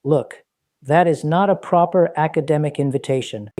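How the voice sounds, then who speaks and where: A man speaking in a calm, dismissive, explaining way in a monologue from his own channel video. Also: a little high, normal speed, no echo, studio quality. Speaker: online commentator.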